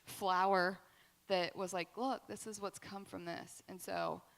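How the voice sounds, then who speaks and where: A woman pastor speaks with a bright, clear tone, open and heartfelt, her words tumbling out with many fillers. The sound carries a long reverb from a church hall. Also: mid-range voice, fairly even intonation, unhurried. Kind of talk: candid testimony at a church Q&A.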